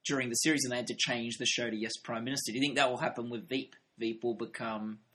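A man's voice: medium pitch, steady tone, fast talker, bright, forceful tone. A young man co-hosting a TV review podcast, chatting casually and thinking aloud with fillers. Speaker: podcast co-host.

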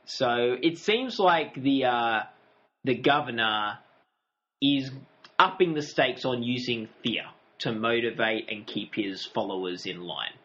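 A man co-hosting a casual TV review chat, making quick jokey asides. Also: mid-range voice, fairly bright tone. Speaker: podcast co-host. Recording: dull lo-fi audio.

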